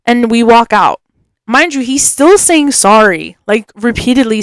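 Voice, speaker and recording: A young woman hosting a podcast, telling a story in an animated, chatty way, laughing often and filling it with "like". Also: a little high, unhurried, no echo. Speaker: podcast host. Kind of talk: casual storytelling.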